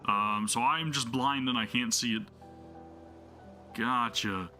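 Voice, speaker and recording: Faint music plays behind this gaming-channel host, who speaks slowly in a sharp, mid-range voice. His casual gameplay commentary is eager but rambling, full of fillers and false starts.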